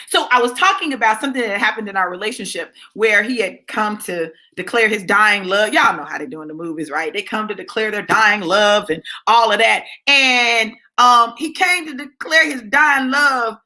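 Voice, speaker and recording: A woman talking straight to her viewers in a casual storytelling monologue, swinging from low asides to high exclamations and checking in with "right?". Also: normal speed, hardly any pauses, pushed and bright. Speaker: vlogger.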